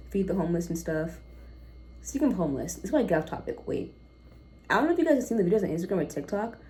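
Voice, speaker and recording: A woman's voice: medium pitch, mellow. A young woman ranting casually in an unscripted vlog, blunt and profane, drifting off topic. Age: young adult. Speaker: vlogger.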